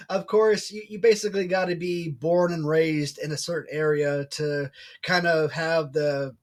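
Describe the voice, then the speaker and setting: A man's voice: fairly high pitch, steady tone, measured pace. Blunt, opinionated male vlogger. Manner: blunt, opinionated, swears freely. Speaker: channel host. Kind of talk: casual vlog talk.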